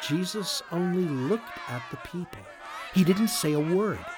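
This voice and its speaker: A man narrating a storybook slowly and expressively. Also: sits high, a faint crowd, a little hiss or hum. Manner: slow, expressive. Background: background music.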